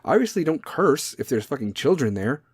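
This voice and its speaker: A man's voice: medium pitch, very animated, normal speed, husky, no room sound. Man, podcast host, blunt, swears a lot, ranting monologue, dry close sound. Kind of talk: casual opinion monologue.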